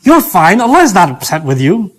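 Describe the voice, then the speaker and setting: A man's voice: sits high, wildly swooping pitch, a little fast, a bit bright, full character voice. A man voicing a devil who whispers false comfort, with breezy, dismissive reassurance. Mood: coaxing.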